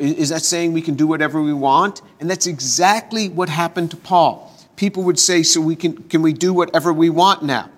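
Halting older male Bible teacher. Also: on the high side, fairly bright tone. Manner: halting, repeats words and restarts often; reads scripture aloud in long passages. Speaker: pastor.

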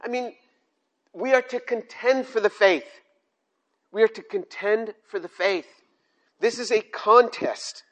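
A man's voice: high voice, fairly bright tone. An older man preaching a sermon, emphatic, repeating key phrases and restarting sentences as he goes. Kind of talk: sermon on scripture.

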